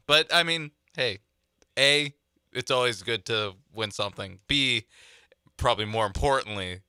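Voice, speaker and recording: A man with a lowish, gravelly voice and a very sharp, bright tone co-hosts sports talk radio. He muses aloud and corrects himself along the way. The studio sound is dry and close. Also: dry recording. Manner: relaxed, musing, self-correcting.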